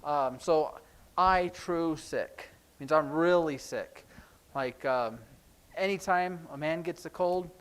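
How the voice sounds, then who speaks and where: A man's voice: a little high, slow pace, smooth, low-quality recording. A man teaching sign language to a church class, his voice sitting a little above the usual male range. He talks casually, wandering off into jokey stories before pulling himself back to the lesson. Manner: chatty, rambling, jokey asides.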